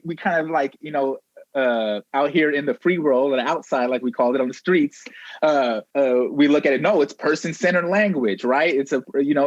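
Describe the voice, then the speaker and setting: A man in a conversational discussion, talking in a halting way with lots of false starts. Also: a little high, no room sound, muffled recording. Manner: halting, many fillers and restarts.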